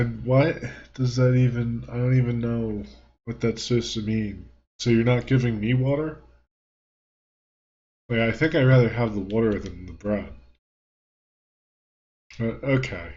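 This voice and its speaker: A let's play host jokes his way through a video game in a wry, rambling style, giving casual gameplay commentary. His voice is mid-range and darkish. He records on a home desk mic with audible button clicks, and the audio is dull lo-fi with game music.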